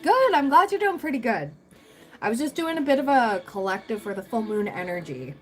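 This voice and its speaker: A woman's voice: fairly high pitch, very animated, a little fast, soft background music, poor audio. A young adult woman hosting a tarot livestream, chatting casually with viewers, rambling through stories and laughing often.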